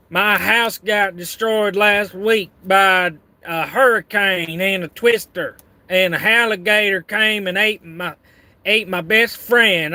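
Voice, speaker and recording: A brash Cajun braggart, played by a man in a put-on Cajun accent. He drawls loudly in a high, bright voice and repeats his boasts again and again. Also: no echo, exaggerated voice. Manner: loud, drawling, repetitive bragging.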